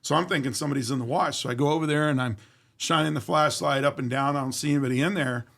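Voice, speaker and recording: Gravelly man telling a story. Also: a little high, fairly even intonation, fast talker, fairly bright tone. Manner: vivid, profane, acts out quoted dialogue. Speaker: interview guest. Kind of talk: casual storytelling.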